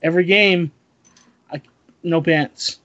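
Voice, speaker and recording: Slow, laid-back man, dry lo-fi audio. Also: on the high side, steady tone, fairly bright tone, no room sound. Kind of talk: casual chat.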